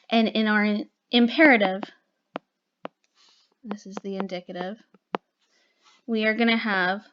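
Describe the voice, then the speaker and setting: A woman's voice: mid-range voice, fairly bright tone, highs cut off, a little hiss or hum. A woman teaching a recorded grammar lesson, explaining patiently and checking in with "okay?" and "right?".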